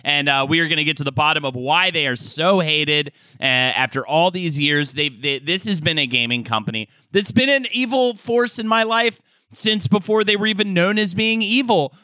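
A man's voice: fairly high pitch, moderate pace, bright, forceful tone, clear, resonant tone, no echo. A man co-hosting a comedy podcast, telling a rambling, jokey story with many restarts. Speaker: podcast co-host.

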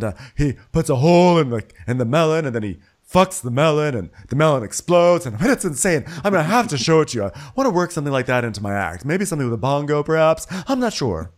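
A man's voice: a little high, big pitch swings, fast talker, few pauses, voice pushed up. A man doing a chirpy theatrical socialite woman. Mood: amused. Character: cheery, theatrical middle-aged socialite woman.

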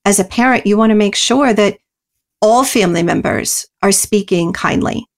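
A woman's voice: medium pitch, normal speed. Earnest woman explaining parenting advice. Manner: earnest and explanatory, many you-knows and ums. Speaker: author and parenting guest. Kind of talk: interview answers.

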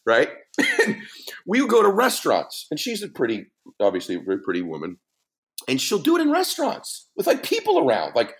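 A middle-aged man telling a story in a podcast conversation, animated and laughing, with big swings in his voice. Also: fairly high pitch, a little fast, creaky. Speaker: podcast guest, motivational speaker.

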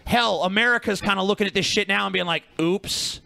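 A man tears into his critics in blunt, profane rants. His voice is high, bright and gravelly, recorded dry and close to the mic. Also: a little fast, no echo. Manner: blunt, profane, combative ranting. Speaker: podcast co-host. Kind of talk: profane casual chat.

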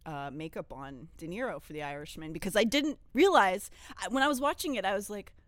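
A woman's voice: fairly low pitch, animated, a little fast, no echo. Wry woman co-host, dry sound. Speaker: podcast co-host. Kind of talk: casual gossip chat.

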